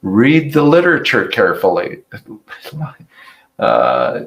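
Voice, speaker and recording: An older man delivers an academic lecture in a low, gravelly voice. He speaks slowly and reflectively, pausing and restarting as he works through his slides. His tone stays unhurried throughout. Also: huge pitch swings, poor audio. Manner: halting, reflective, many restarts. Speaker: hepatologist giving award lecture.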